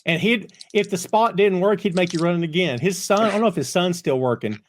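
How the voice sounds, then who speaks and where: A man with a somewhat high voice hosts a laid-back podcast conversation. He tells animated backstage stories and keeps the chat moving with quick asides. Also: slight background noise. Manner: storytelling, animated anecdotes. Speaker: podcast host.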